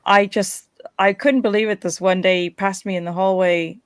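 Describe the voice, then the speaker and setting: A woman from the United States casually telling an anecdote on a panel, animated and full of fillers. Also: mid-range voice, moderate pace, clean tone, no echo, studio quality. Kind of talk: casual storytelling chat.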